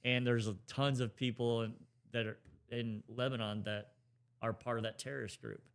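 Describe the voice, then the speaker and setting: A man's voice: medium pitch, level tone, normal speed, creaky, smooth. A man co-hosting a podcast, talking current affairs in a casual, rambling way, with lots of restarts and hedges. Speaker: podcast co-host.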